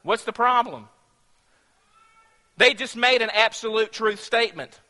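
Bright-voiced preacher in a reverberant hall. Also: male voice, sits high, expressive, normal speed, long pauses. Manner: conversational, asks the congregation questions, many restarts. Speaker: pastor. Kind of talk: sermon.

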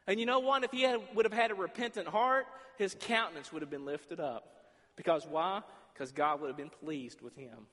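A man preaching a sermon as pastor, acting out dialogue between God and the listeners, swinging from loud to quiet. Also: on the high side, moderate pace. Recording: long reverb in a large hall.

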